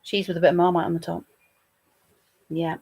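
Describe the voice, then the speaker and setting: A woman's voice: lowish voice, flat delivery, a little fast, darkish tone, slightly rough. A British woman hosting a casual live stream, chatting playfully with her viewers. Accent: British English. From England.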